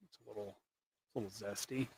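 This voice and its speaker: A man's voice: on the low side, fairly even intonation, fast talker, creaky, a little mellow, slight background noise. A man hosting a casual livestream while he paints custom action figures, rambling and trailing off into mumbles.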